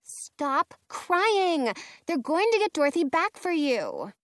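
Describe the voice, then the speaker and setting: A woman's voice: extremely high pitch, sing-song, slow, no room sound, studio quality, voice pushed up, full character voice. A woman doing a bossy squeamish girl.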